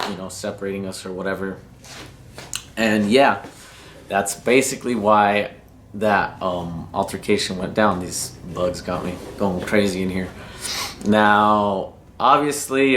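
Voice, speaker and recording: A man's voice: sits low, a bit bright, a little hiss or hum. A man from New Mexico casually telling a story about drag racing, slangy and rambling and cursing freely. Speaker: racing vlogger.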